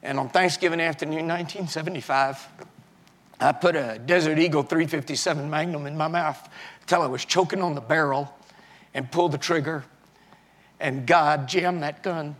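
Male pastor, older, higher-pitched, personal testimony sermon that builds loud and then drops low. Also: steady tone. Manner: swings from shouting fury to quiet, halting confession.

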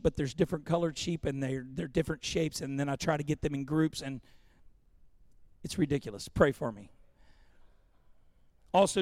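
A man preaching a sermon as pastor, joking and animated, calling for congregation responses. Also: on the high side, vocal fry, dry recording, studio quality. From Louisiana.

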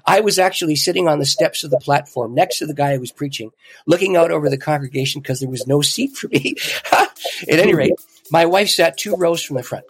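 A middle-aged man, a podcast guest, telling a story in an animated way with frequent chuckles. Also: a little high, a little fast, breathy edge, no echo, faint music behind. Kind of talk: casual storytelling in an interview.

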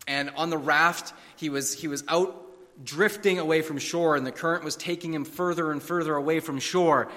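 A man's voice: a little high, fairly even intonation, normal speed, a bit bright, long reverb tail. A man preaching a sermon, telling stories and fables with a dramatic, varied delivery. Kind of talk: sermon with storytelling.

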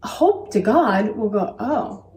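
A mother telling candid stories about parenting in an earnest, animated way as a guest. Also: medium pitch, normal speed, recorded from a distance, a little hiss or hum. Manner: earnest, animated, quotes herself. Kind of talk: candid conversational storytelling. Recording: echoey room, voice from off-mic.

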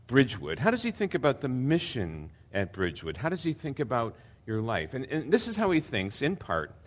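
An older man preaching as a visiting pastor, earnest and hesitant with many fillers, building to emphatic repetition. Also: mid-range voice. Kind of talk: sermon.

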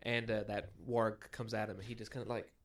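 A man's voice: fairly low pitch, level tone, brisk. A young man co-hosting a casual book podcast, laid-back, chiming in with asides and comparisons. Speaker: podcast co-host.

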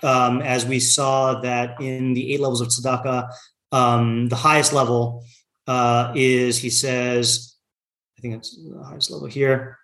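A man leads a casual Torah lesson in an easy conversational way, dropping in plenty of "like" and "you know". His voice sits at an ordinary middle pitch. He reads Hebrew text aloud and translates it, and the recording carries a noticeable room echo. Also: fairly bright tone. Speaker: Torah class teacher.

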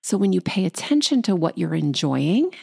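A woman hosting a solo podcast about anxiety, talking quickly and acting out anxious inner thoughts. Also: fairly low pitch, big pitch swings, gravelly, warm tone, slightly rough. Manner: fast, tumbling, acts out anxious inner voices. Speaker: podcast host.

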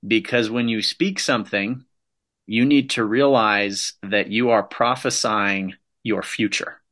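A man delivering a motivational talk in a bright, forceful voice that sits a little low. He drives each point home with short, repeated, emphatic phrases. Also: fairly even intonation, measured pace. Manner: emphatic, punchy repetitive phrasing. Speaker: motivational speaker.

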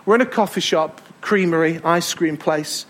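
An English man preaching from the pulpit with a high-pitched voice. He tells stories in a lively way and hammers home his points by repeating them. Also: normal speed. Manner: storytelling, emphatic repetitions. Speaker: pastor. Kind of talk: sermon. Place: church hall.

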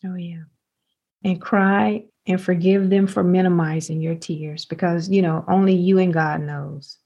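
A woman's voice: lowish voice, fairly even intonation, a little slow, mellow, muffled recording. A woman co-hosting a podcast in casual chat, affirming with frequent "that's right" and "mm-hmm". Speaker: podcast co-host.

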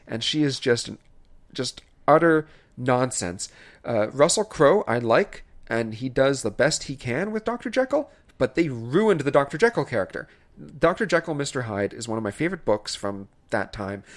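A man co-hosting a podcast, ranting in casual chat with animated exasperation and laughter. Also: medium pitch. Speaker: podcast co-host reviewing films.

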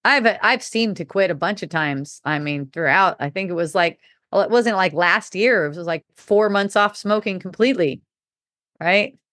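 A woman's voice: fairly low pitch, moderate pace, fairly bright tone, dry recording, clean studio sound. A middle-aged woman hosting a casual spiritual talk, candid and rambling, laughing often and swearing freely. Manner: rambling with restarts. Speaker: podcast host.

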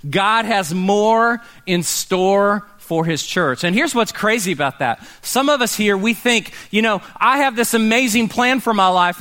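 Casting: male pastor, high bright voice, lively preaching that plays out quoted people. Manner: animated, acts out quoted people, calls for responses. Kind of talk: sermon. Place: church meeting in a warehouse.

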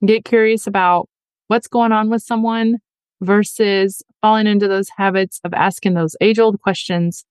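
A woman's voice: medium pitch, fairly even intonation, normal speed, darkish tone, clear, resonant tone, dry recording. A woman hosting an advice podcast, talking earnestly and chattily and acting out the voices she quotes. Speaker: podcast host. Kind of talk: casual advice podcast monologue.

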